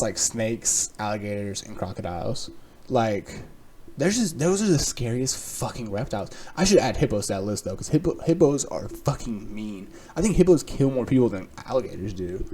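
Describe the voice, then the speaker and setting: A man's voice: lowish voice, a little mellow, slight background noise. A young man from the United States hosting a solo podcast, rambling and sarcastic, swearing freely and laughing at his own jokes. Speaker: podcast host.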